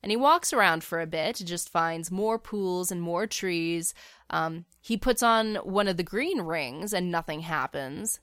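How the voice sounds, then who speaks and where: A woman's voice: lowish voice, measured pace, fairly bright tone, no room sound. A woman casually narrating a fan story in a chatty, wry way, with the odd filler.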